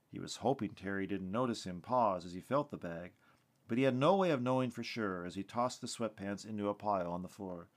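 A man reads his fiction aloud in a measured, plain manner. His voice sits on the low side, and he keeps a steady storytelling delivery. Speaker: podcast host and storyteller.

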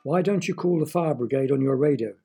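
A man voicing a flustered grown man stuck up a tree, exclaiming in a gravelly voice. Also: on the high side, a little fast, music in the background. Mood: fretful. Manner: fretful, exclaiming.

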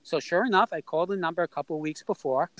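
A middle-aged man from New York telling a story in a casual, animated way and acting out the people in it. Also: a little high, fast talker, dry recording, poor audio. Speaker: storyteller guest.

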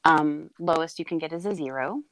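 A middle-aged mother speaks in a slightly low voice, tender and halting, with many pauses and fillers as she tells a personal story. The sound is close and dry, with no room echo. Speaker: mother telling her daughter's birth story. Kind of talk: casual heartfelt conversation.

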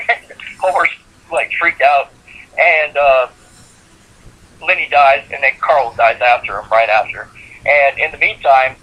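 A man's voice: medium pitch, slow, pauses often, pushed and bright, low-quality recording. A man co-hosting a podcast, casually recapping a cartoon episode with lots of fillers. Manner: rambling plot recap with frequent fillers and laughs. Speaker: podcast co-host. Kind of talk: casual chat.

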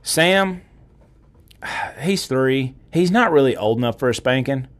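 A man in his thirties chatting casually and relaxed, often chiming in with short agreement. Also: medium pitch, slow. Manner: relaxed, frequent agreeing interjections. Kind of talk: casual chat.

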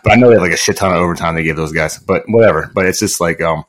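A man's voice: deep voice, racing. A man on a podcast, chatting casually in a profane, rambling way with many fillers. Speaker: podcast co-host.

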